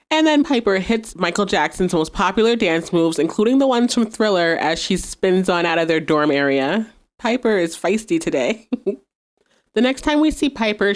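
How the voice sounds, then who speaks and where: Woman, podcast host, casual recap, sassy asides, laughs often, lowish voice. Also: normal speed. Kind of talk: casual recap with quoted dialogue.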